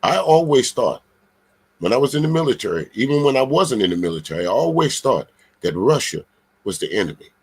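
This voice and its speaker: A man hosting casual commentary, rambling and searching for words in a husky voice. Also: medium pitch, big pitch swings, fairly quick. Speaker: host.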